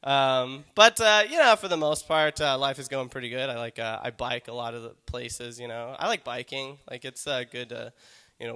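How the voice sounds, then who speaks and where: A man's voice: medium pitch, pushed and bright, clear, resonant tone. A man doing a stand-up comedy set, rambling and self-deprecating, with lots of filler words.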